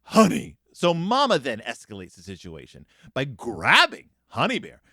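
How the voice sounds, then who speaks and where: Animated man with a bright, lively voice. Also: medium pitch, normal speed, no echo, clean studio sound. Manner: animated, acts out quoted lines in changing voices. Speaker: podcast host. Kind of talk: reading and commenting on a picture book.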